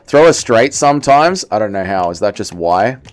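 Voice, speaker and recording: A young man live-streaming, chatting casually and excitably while he plays, swearing and reading chat aloud. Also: lowish voice, normal speed. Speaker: livestreamer.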